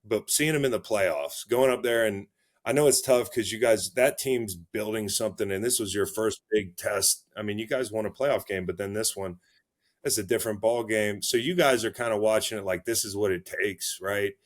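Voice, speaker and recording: A man's voice: lowish voice, normal speed. A man hosting a podcast, asking questions in a chatty, laughing way. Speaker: podcast host. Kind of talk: casual interview talk.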